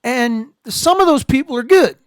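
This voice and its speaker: A man hosting a casual live stream, rambling and joking, swinging between low muttering and loud outbursts. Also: expressive, moderate pace, dry recording, studio quality. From Ireland.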